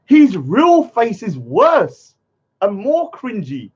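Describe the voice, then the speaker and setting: A man's voice: high-pitched, huge pitch swings, takes it slowly, a little mellow, breathy edge, highs cut off. A man ranting heatedly on a live stream, swearing and asking yeah after many lines. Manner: heated, swearing, keeps saying yeah and let me say something.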